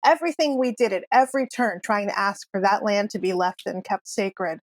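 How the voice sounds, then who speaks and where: A woman's voice: mid-range voice, fairly quick, no echo, natural voice. A woman voicing a weary older male coffee-van vendor who talks hesitantly and confides reluctantly, in a tabletop game. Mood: confiding.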